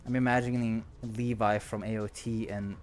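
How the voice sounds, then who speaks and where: A man's voice: lowish voice, little pitch movement, normal speed, a little hiss or hum. A man with a non-native English accent chatting casually on a livestream, rambling, joking and laughing often. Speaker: streamer.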